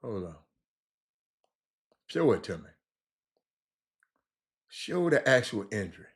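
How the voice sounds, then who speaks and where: A man's voice: fairly low pitch, slow pace, pauses often. A man hosting a livestream, talking basketball in a loose, teasing way and answering his chat. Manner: animated, teasing chat readers, repeats phrases. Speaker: livestream host. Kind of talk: casual basketball talk on a livestream.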